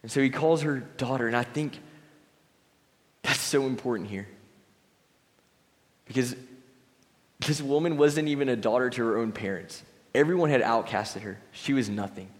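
A young man preaches a sermon in a relaxed, conversational tone, now and then slipping into short acted-out voices. His voice sits at a middle pitch. The sound carries a long reverb from a large hall. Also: normal speed, long pauses. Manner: conversational, reads scripture aloud, acts out voices briefly. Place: church hall.

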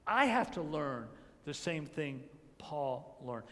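A somewhat high-voiced man delivers a sermon as pastor, his words trailing off into a long hall reverb. He drops to hushed, drawn-out emphasis, then climbs to loud peaks, repeating phrases and asking rhetorical questions. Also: big pitch swings.

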